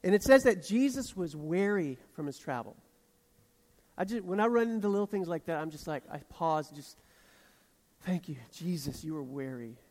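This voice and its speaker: High-voiced Southern preacher in a reverberant hall. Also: male voice, fairly quick. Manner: animated storytelling with self-deprecating asides. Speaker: pastor. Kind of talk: sermon.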